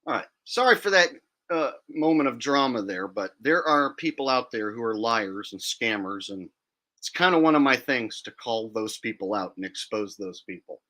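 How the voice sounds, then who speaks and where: A man's voice: medium pitch, expressive, moderate pace, pushed and bright. A man hosting a livestream, talking in a blunt, defiant and profane way. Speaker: livestream host. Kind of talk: casual livestream rant.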